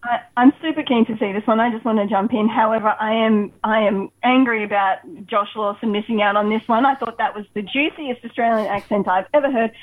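A woman with a higher, breathy voice, talking animatedly and sharing strong opinions on films. Her audio sounds dull and lo-fi, as if from a weaker mic. She chats casually as a podcast co-host. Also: steady tone, fairly quick, few pauses. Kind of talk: casual film chat.

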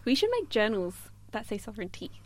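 A young woman co-hosting a podcast with a high, bright-pitched voice. She banters playfully and giggles often. The sound is dry, with no room echo. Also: sing-song, a little fast. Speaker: podcast co-host. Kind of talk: casual chat.

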